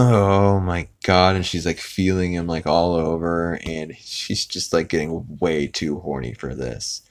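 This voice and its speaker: A man with a very low, deep voice hosts a podcast. He recaps a cartoon episode in a loose, rambling way and laughs along at the jokes. His talk is full of fillers and restarts. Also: slow pace. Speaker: podcast host.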